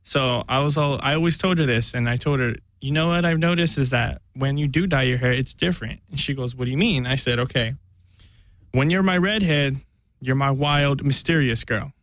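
A man's voice: medium pitch, moderate pace, fairly bright tone, no echo. Rambling young man, dry close mic. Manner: rambling storyteller, acts out quotes. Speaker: podcast guest. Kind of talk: casual chat.

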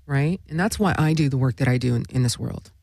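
A woman's voice: rumbling low, fast, vocal fry, darkish tone, dry recording, studio quality. A woman hosting a spiritual talk show, speaking in a meandering monologue full of "you know" and "right?". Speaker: host.

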